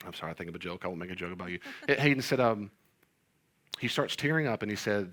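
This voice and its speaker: A man's voice: lowish voice, moderate pace, pauses often, a bit bright. A middle-aged male pastor chatting casually about parenting, rambling through stories and jokes at his own expense. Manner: rambling storyteller, jokes self-deprecatingly. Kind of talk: casual podcast chat on parenting.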